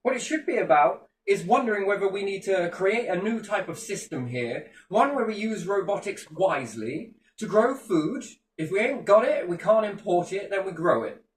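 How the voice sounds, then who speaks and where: A British man with a British English accent launches into passionate, sweary rants during a casual chat. His high voice has lively intonation and normal speed, with hardly any pauses. The room is echoey, the mic distant, and there's faint ambience.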